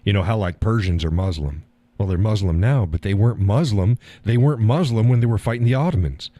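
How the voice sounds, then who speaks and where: Blunt, laughing man with a dark voice. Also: on the low side, a little fast, no echo. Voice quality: swears casually. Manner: laughs often, rambling and blunt. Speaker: live stream host. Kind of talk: casual monologue chat. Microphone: audio call setup.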